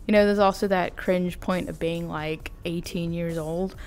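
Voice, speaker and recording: A woman's voice: on the low side, fairly even intonation, normal speed, a little mellow, clear, resonant tone. A young adult woman vlogging in a casual, rambling, self-deprecating chat with giggly asides. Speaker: vtuber vlogger.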